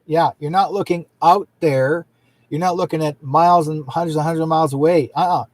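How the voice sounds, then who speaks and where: A man's voice: fairly high pitch, steady tone, a little fast. A man hosting an interview show who talks in a rambling way, with frequent restarts and fillers. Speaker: host. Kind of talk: casual interview chat.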